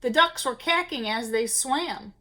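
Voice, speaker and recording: A woman reading a children's storybook aloud to young listeners, in a playful, expressive way. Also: fairly high pitch, unhurried.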